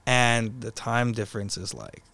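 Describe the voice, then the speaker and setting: A man's voice: mid-range voice, sing-song, unhurried, vocal fry, bright, forceful tone, dry recording. A young man guesting on a podcast, chatting casually in a rambling way, full of fillers and restarts. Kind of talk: casual conversation.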